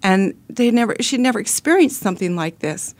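A woman's voice: mid-range voice, expressive, brisk, a little mellow. Earnest middle-aged woman telling a story. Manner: earnest, heartfelt, with many restarts. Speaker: host. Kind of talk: personal storytelling talk.

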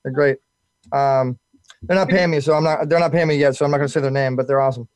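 Fast-talking excitable male talk host. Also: mid-range voice, dry recording. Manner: fast, excitable, repeats words when starting. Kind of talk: casual talk show chat.

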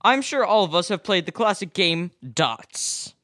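A young woman co-hosting a casual gadget podcast, teasing her co-host with quick quips. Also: lowish voice, animated, fairly bright tone, dry recording.

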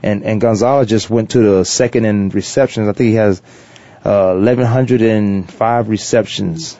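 A man's voice: on the low side, steady tone, normal speed, dark tone. A man hosting a casual sports talk radio show, laid-back and laughing with his co-hosts. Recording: dull lo-fi radio audio.

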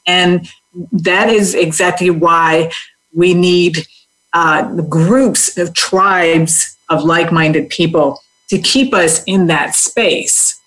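A woman's voice: fairly low pitch, slow pace, fairly bright tone, low-quality recording. A woman hosting an interview podcast, talking in an affirming, reflective way. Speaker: podcast host. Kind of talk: conversational interview.

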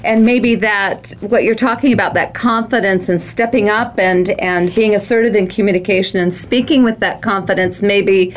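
A woman's voice: medium pitch, fairly even intonation, normal speed, hardly any pauses. A middle-aged woman hosting a talk show, chatting conversationally with her guest. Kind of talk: casual chat.

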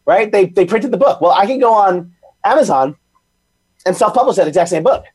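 A man chatting as a podcast guest, telling stories in quick bursts with lots of restarts. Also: high-pitched, breathy edge. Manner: rapid, animated storytelling with frequent restarts. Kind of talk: casual chat.

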